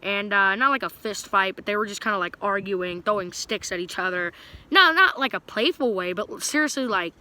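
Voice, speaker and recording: A man's voice: high voice, moderate pace, pushed and bright. A young man telling a story to his viewers in a rambling, casual way, full of fillers and restarts. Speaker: vlogger.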